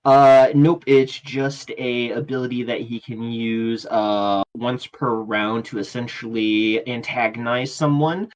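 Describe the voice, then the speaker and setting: A man's voice: mid-range voice, steady tone, slow, few pauses, slight background noise. A man acting as game master, casually explaining game rules with many filler sounds.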